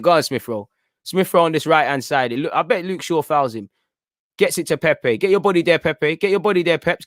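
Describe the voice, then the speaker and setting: Excitable young man commentating a match. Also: a little high, dry recording, studio quality. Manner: excitable and chatty, pleading with players and the referee. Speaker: host of a football watchalong stream. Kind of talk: live fan match commentary.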